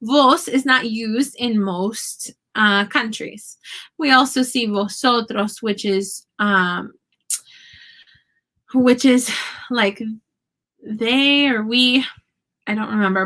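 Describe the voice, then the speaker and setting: Bright-voiced woman teaching Spanish phrases. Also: mid-range voice, low-quality recording. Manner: chatty, explains slowly, switches between Spanish and English phrases. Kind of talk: casual language lesson. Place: home.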